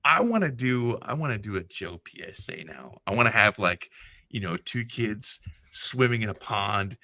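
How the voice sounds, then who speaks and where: Lively, bright-voiced swearing male host. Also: on the low side, moderate pace, no room sound. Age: older than internet youth. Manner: animated, profane, laughs often. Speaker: podcast host. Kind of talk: casual livestream chat.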